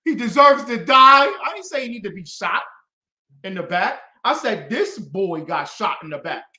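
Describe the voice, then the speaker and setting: A man delivering fiery teaching commentary with a combative, preachy edge and loud emphatic bursts. His pitch swings widely and his tone is bright and forceful. The room around him rings with echo. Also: very animated, moderate pace. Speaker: religious teacher.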